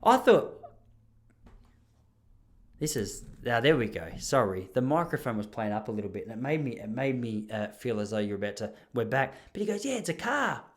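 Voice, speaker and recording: Young Aussie host, casual yarn-spinner, self-mocking, many restarts. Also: male voice, mid-range voice, animated, normal speed. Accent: Australian. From Traralgon, Gippsland, Australia. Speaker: podcast host. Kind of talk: casual storytelling.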